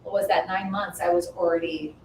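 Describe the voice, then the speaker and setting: A woman in her fifties sharing a personal story in casual chat, animated and acting out the dialogue she quotes. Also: a little fast. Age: 50s. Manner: animated, acts out quoted dialogue with rising pitch. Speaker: guest. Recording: echoey room, mic at a distance, faint noise.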